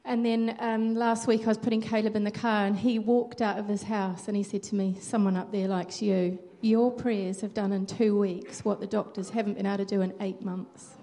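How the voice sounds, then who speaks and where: A woman's voice: medium pitch, level tone, moderate pace, few pauses, mellow, a little hiss or hum. A woman earnestly telling a personal testimony at church. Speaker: church member sharing testimony.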